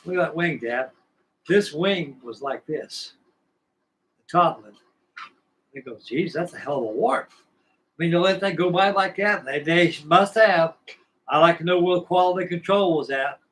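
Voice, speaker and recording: A man's voice: a little high, unhurried, pauses often, a bit bright, a little hiss or hum, rough recording. An older man from California hosting a model-building show, telling long, rambling stories in a folksy, salty way. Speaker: model-building channel host. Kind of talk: rambling casual storytelling.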